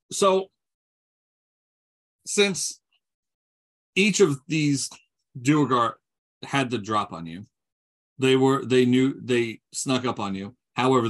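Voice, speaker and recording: A man narrating as game master in a tabletop game, halting and restarting often, with plenty of fillers. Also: medium pitch, a bit bright.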